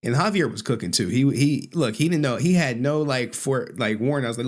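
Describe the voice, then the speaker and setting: A man's voice: mid-range voice, expressive, a little fast. A man in his thirties giving blunt, profane, mocking commentary while he reacts to an interview clip.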